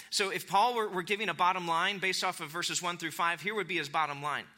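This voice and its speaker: A man preaching a sermon, animated, acting out quotes with big jumps in pitch. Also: a little fast, few pauses. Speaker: pastor.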